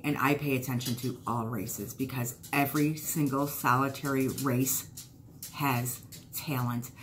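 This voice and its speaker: A woman's voice: very deep voice, slight background noise. A woman YouTuber giving a heated, blunt vlog rant, swearing and hammering points with repetition.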